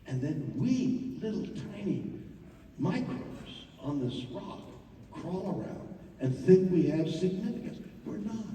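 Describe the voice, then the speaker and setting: A man giving a theatrical live monologue, swinging from hushed murmurs to loud outbursts, with halting repetitions. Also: sits high, animated, a little hiss or hum. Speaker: stage performer telling a personal story. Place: large theater. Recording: echoey hall, mic far off.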